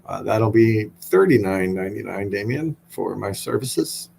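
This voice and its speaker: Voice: sits low, animated, unhurried, creaky, a little mellow, a little hiss or hum. A co-host of a casual live stream, dropping dry joking asides.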